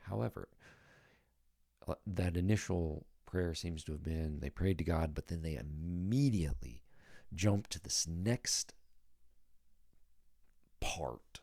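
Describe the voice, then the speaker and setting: Deep gravelly-voiced man teaching scripture. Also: dark tone, no room sound, studio quality. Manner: conversational, thinking aloud, emphatic on key words. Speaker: Bible teacher and podcast host. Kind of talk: casual spoken Bible teaching.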